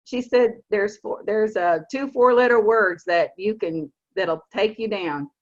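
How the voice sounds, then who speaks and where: A woman in her sixties with a Southern accent, giving an earnest, emphatic motivational talk to her team on a video call. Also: mid-range voice. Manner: earnest, emphatic, stresses key words slowly. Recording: muffled lo-fi video call audio.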